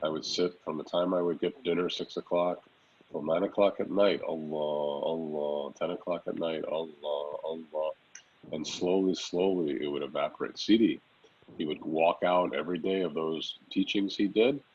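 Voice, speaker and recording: A man, a Sufi teacher, gently answering a student's question, repeating phrases as he speaks. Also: low voice, brisk, breathy edge, highs cut off. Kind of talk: spiritual teaching in Q&A.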